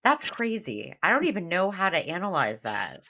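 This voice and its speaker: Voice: medium pitch, sing-song, normal speed, creaky, pushed and bright. A speaker in a casual conversation, reflecting aloud and searching for the right words.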